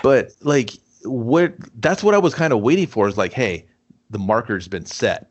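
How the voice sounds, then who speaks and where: A man's voice: mid-range voice, normal speed. A man co-hosting a casual movie review talk, animatedly acting out scenes with swearing and laughter. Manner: animated, acts out characters with profanity and laughter. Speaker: podcast co-host.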